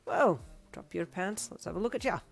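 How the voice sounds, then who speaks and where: Woman doing a chatty Irish tattoo guy, folksy, loud and friendly, low-ish voice. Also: lively intonation, normal speed, gravelly.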